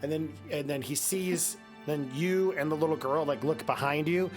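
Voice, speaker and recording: A man's voice: a little high, moderate pace. A man with a Midwestern accent runs a tabletop game, walking his players through the rules with plenty of fillers and restarts. He talks at an easy, casual pace, with faint music playing under his voice. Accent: Midwestern American. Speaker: game master. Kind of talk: running a tabletop game on a live stream.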